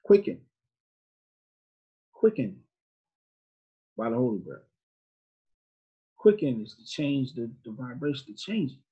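Male religious-class teacher, dark husky voice, chatty and questioning, lo-fi sound. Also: medium pitch, sing-song, unhurried, pauses often. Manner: conversational, asks the class questions. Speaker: Sunday school teacher. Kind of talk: informal classroom lesson. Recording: dull lo-fi recording.

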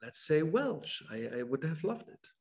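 A German man speaks English as a guest author, his voice sitting a little high for a man. He talks hesitantly, stopping and restarting with many fillers. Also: sing-song, measured pace. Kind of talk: online talk.

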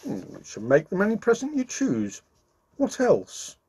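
A man voicing a merry, kindly old Santa Claus who talks in a hearty, brisk way. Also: high voice, wildly swooping pitch, a little mellow, slightly rough, pitched above the performer's own voice, full character voice.

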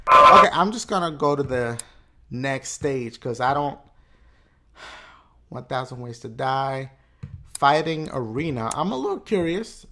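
Brief: male let's play host, loud and excitable, heavy swearing, slow delivery with wild pitch swings, noisy recording. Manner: loud, excitable, swears a lot, shouts at the game. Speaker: gaming channel host.

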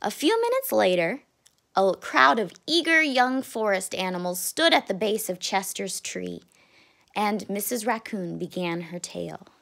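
A woman, a teacher, reading a children's picture book aloud in an expressive, deliberate way. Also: medium pitch, gravelly. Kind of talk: read-aloud storybook narration.

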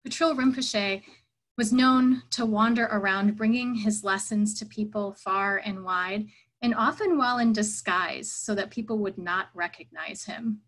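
A woman's voice: medium pitch, a little slow, a bit bright, poor audio. A woman giving a reflective sermon at an online church service, earnest and thoughtful, telling a story.

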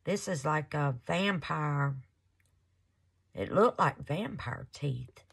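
A woman's voice: low-pitched, animated, slow, gravelly, husky. A woman hosting a casual crafting vlog, gushing over her work and calling viewers baby and y'all. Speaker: resin crafting channel host.

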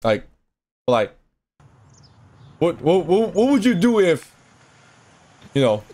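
A man's voice: high-pitched, very animated, slow, background noise. A man streaming a shooter game, chatting casually with friends and stammering over his words when he hesitates. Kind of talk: casual gaming voice chat.

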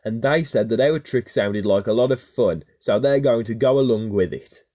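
A man's voice: mid-range voice, moderate pace, warm tone, dry recording, clean studio sound, natural voice. A man voicing a cheeky male steam engine who plays pranks, talking cheerfully. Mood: cheery.

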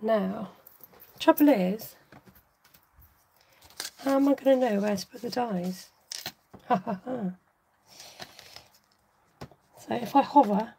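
A woman's voice: fairly high pitch, creaky, dark tone, slight background noise. A woman hosting a card-making tutorial, chatting and thinking aloud to herself as she works. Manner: chatty, self-talking, giggly, scattered.

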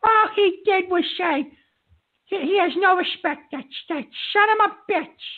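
A shrill, very high-voiced male talk show host stammers his way through the calls and flares up fast, as a man puts him on. The sound is narrow and phone-like. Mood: furious. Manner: flustered, stammering, quick to rage.

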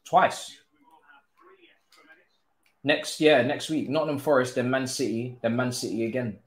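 A young man, commentating his own football game live, groaning, swearing and now and then cheering loudly. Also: medium pitch, measured pace, reverberant. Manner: exasperated, groaning and swearing, swinging to loud cheers. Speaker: gaming streamer.

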